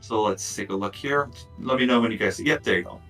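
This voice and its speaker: A man narrating as dungeon master of a tabletop game, casual and relaxed, with lots of fillers and asides. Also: fairly low pitch, fast, far from the mic, faint music behind, rough recording.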